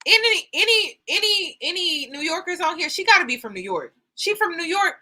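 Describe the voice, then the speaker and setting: A woman hosting a live reaction stream, chatting casually and giving shout-outs to her viewers. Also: very high-pitched, sing-song, moderate pace. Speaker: YouTube host reacting live.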